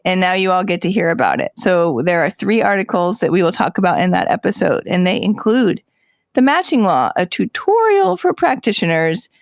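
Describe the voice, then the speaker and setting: A woman's voice: lowish voice, big pitch swings, normal speed, creaky, dry recording, clean studio sound. A woman co-hosting a podcast in casual chat, playful and upbeat as she runs through the episode lineup. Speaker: podcast co-host.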